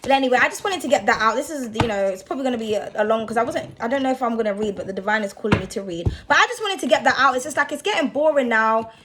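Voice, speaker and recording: A woman's voice: a little high, expressive, very fast, hardly any pauses, background noise. A young woman who reads tarot, ranting bluntly and with a lot of swearing in a casual vlog. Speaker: tarot reader.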